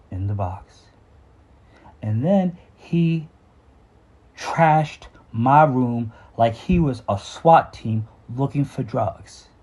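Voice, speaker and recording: A middle-aged man telling a personal story off the cuff, halting and earnest, with sighs and restarts. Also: fairly low pitch, mellow, dull audio. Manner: halting, with frequent fillers and restarts; earnest and sighing. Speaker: memoir storyteller.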